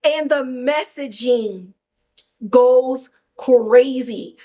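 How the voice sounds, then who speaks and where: A woman hosting a podcast, recapping a film in animated, slangy, casual chat. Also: sits high, extremely slow, rough recording. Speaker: podcast host reviewing a film.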